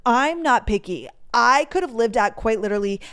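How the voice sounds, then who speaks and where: A woman's voice: fairly high pitch, lively intonation, normal speed, fairly bright tone, smooth. A young woman, hosting a podcast and chatting casually through a rambling storytime. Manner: bubbly, chatty, rambling with lots of "like". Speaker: podcast host.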